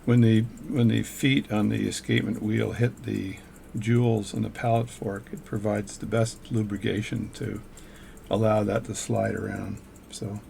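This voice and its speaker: A man's voice: on the low side, flat delivery, normal speed, creaky, a little mellow, a little hiss or hum. An older man, a watchmaker, casually talking through his repair work at home and chatting between steps. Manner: casual, chatty, thinks aloud between tasks. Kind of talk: narrating repair work as he goes. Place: home workshop.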